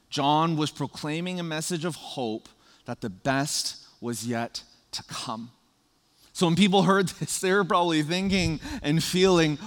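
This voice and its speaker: A man preaching a sermon as pastor, animated and playful, laughing at his own jokes. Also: a little high, big-room sound.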